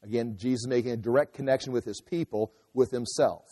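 A man's voice: medium pitch, fairly even intonation, fairly quick, warm tone, husky. A man giving a conversational verse-by-verse Bible teaching, explaining as he goes and acting out quotes. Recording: long hall reverb.

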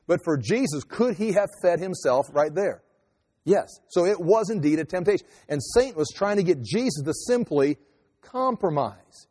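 A man preaching a sermon in a conversational, animated way with quick asides. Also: high-pitched, breathy edge. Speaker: pastor. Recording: long hall reverb.

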